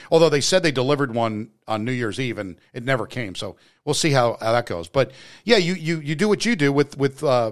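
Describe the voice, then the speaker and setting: A man from New Jersey chatting casually as a co-host, rambling with many restarts and fillers. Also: mid-range voice. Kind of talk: casual chat.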